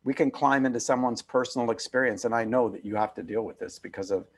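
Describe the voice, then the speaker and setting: A fast-talking man over fifty with a mid-range voice is being interviewed as an author and guest via video call. His talk is reflective, earnest and emphatic, and he repeats phrases to drive points home.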